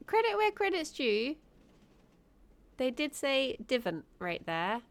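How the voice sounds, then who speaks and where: A woman's voice: high voice, huge pitch swings, slow. A British woman streaming a game, reacting with giggly, teasing commentary. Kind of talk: let's-play commentary.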